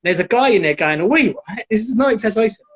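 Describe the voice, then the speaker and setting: A man, a former MMA fighter, telling lively stories casually as a guest and acting out quotes in a raised voice. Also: high voice, rapid-fire. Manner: animated, acts out quotes in raised voice. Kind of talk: casual storytelling on a livestream. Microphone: video call. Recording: dull lo-fi livestream audio.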